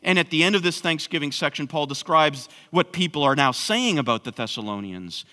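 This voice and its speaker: A man's voice: a little high, expressive, fairly quick, pushed and bright. A man preaching an expository sermon, emphatic, with frequent restarts. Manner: emphatic, repeats words when restarting. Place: church sanctuary. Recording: long hall reverb.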